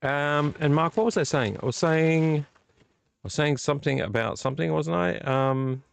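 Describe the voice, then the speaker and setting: A man's voice: on the high side, normal speed, vocal fry, clean tone. A man hosting a casual live stream, chatty and rambling, a bit tipsy from beer. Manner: rambling, chatty, self-deprecating. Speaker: livestream host.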